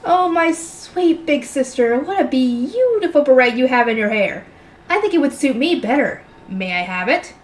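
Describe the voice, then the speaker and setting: A woman's voice: high voice, lively intonation, moderate pace. A woman voicing a manipulative young half-sister who pleads in a tearful, sugary way.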